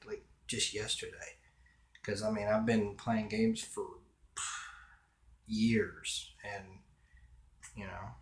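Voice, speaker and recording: A vlogger muses aloud to camera on his own, stretching his words slowly and chuckling as he rambles casually. The pitch is fairly low, with reverberant sound.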